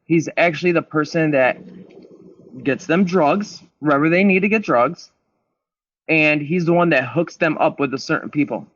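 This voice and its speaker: A man's voice: a little high, normal speed, fairly bright tone, no echo, dull audio. A man guest on a podcast, telling his story in a blunt, emphatic way with plenty of swearing. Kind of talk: candid storytelling interview.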